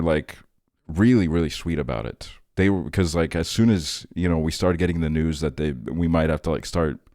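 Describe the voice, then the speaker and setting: A young man with a very low voice spins a casual personal story for his stream. He rambles with plenty of fillers and chuckles at his own tale. The sound is close and dry, with no room behind it. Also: darkish tone, dry recording. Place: home streaming setup.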